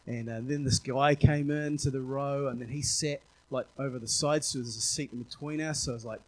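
A man's voice: medium pitch, steady tone, a little fast. A man from New Zealand with a New Zealand accent, a pastor telling a candid, rambling personal story in a sermon, full of fillers and restarts. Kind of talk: sermon anecdote.

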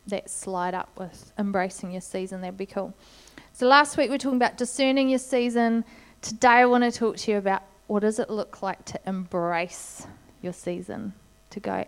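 A middle-aged woman delivers a sermon to her congregation. She talks in a relaxed, conversational way, telling stories as she goes, and her voice sounds smooth and clear. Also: medium pitch. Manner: conversational storytelling with light laughs. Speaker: preacher.

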